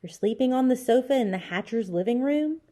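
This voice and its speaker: A woman's voice: a little high, expressive, fairly quick, warm tone, voice pushed up, lightly acted. A woman voicing a curious, teasing boy.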